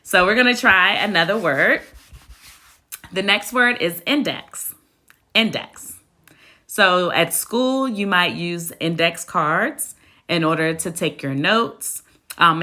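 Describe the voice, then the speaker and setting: Woman, teacher, low-pitched, slow, deliberate, spells words letter by letter. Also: bright, forceful tone. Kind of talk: phonics spelling lesson. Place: classroom.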